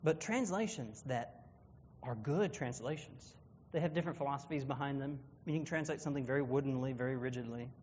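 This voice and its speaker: A man's voice: medium pitch, a little fast, darkish tone, a little hiss or hum. Man teaching a Bible class in a hall. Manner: conversational, explanatory, with self-corrections. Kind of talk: classroom lesson with visual aids. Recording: dull, reverberant room recording.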